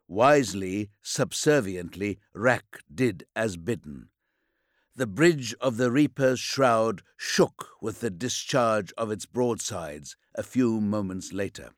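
A man reading a dark science-fiction audiobook in a measured, low-key dramatic style. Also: expressive, dry recording, studio quality. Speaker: audiobook narrator. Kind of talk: scripted narration.

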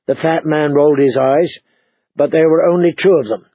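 A man narrating a fantasy audiobook in a measured, dramatic storytelling manner. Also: on the high side, husky, no echo. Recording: dull lo-fi recording.

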